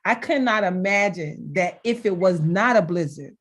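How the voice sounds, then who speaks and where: A middle-aged woman on a video call, telling heartfelt stories in an expressive way and laughing now and then as she talks. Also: fairly low pitch, moderate pace. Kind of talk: heartfelt conversational storytelling.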